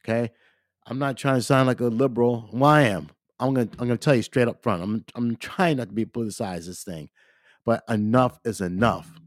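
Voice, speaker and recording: A podcast host goes solo for a casual rant, repeating himself emphatically and using lots of fillers. His medium-pitched voice moves quickly, and the recording is clean studio sound with no room echo.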